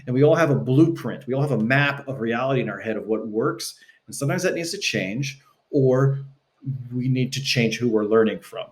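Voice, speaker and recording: Animated Texan man, casual interview talk. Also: medium pitch, moderate pace. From Texas, US. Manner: animated, acts out quoted dialogue, swears casually. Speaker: podcast guest, coach.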